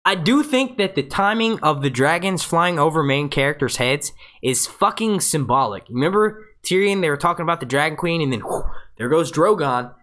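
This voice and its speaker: An excitable man hosts a live breakdown stream in a loose, casual way. He swears freely and keeps jumping into jokey impressions, talking into a webcam mic in front of a green screen. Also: on the high side. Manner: excitable, profane and jokey, does quick impressions. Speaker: livestream host.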